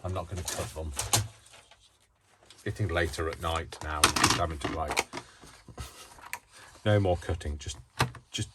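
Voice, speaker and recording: A man with a low voice chats his way through a crafting tutorial. He wanders off into self-mocking asides. His faulty microphone buries the voice in loud noise. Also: a little slow, pauses often. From United Kingdom. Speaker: crafting channel host.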